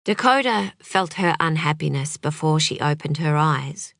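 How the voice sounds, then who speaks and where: A woman reading an audiobook in a measured, unhurried way. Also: sits low, animated, vocal fry, fairly bright tone, dry recording, studio quality. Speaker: audiobook narrator. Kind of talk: scripted audiobook narration.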